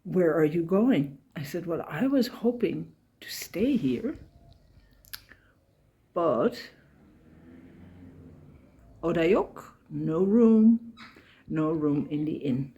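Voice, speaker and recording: Woman vlogger, breathy, unhurried, storytelling, retells conversations, emotional. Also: low-pitched, animated, dark tone. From Ireland. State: emotional, near tears. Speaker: walking pilgrim vlogger. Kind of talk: casual travel vlog.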